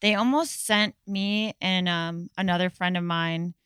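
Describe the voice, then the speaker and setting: Low-voiced frank woman, smooth tone. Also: steady tone, fairly bright tone, no echo. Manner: frank, profane, quick commentary. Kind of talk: casual conversation.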